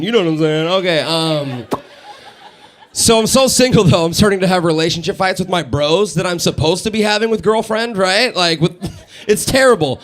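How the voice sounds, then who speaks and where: A high-pitched young man speaking at normal speed, a radio host, delivers live stand-up in a studio for a small audience. He animates his stories by acting out characters and laughs a great deal.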